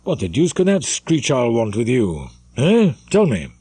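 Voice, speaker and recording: An actor playing a vain, swaggering young army captain with a boastful manner. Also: male voice, mid-range voice, wildly swooping pitch, a little slow, dark tone, slightly rough, dry recording, full character voice. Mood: mocking.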